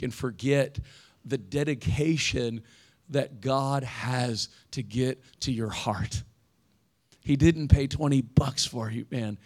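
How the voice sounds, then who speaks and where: A young man preaches in a relaxed, conversational way, addressing the congregation directly. His voice sits in an ordinary middle pitch, and he grows more intense when he reads scripture aloud. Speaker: pastor. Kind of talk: sermon.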